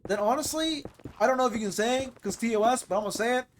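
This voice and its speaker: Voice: mid-range voice, fast talker, slight background noise. Rambling casual streamer. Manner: rambling, filler-heavy, swears casually. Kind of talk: casual chat over live gameplay.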